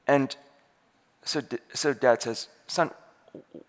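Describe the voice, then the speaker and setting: A man's voice: medium pitch, slow pace, long pauses. A man telling a story in a sermon, acting out the voices of the people in it. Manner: animated, acts out voices in his stories. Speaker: preacher. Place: church hall. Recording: long hall reverb.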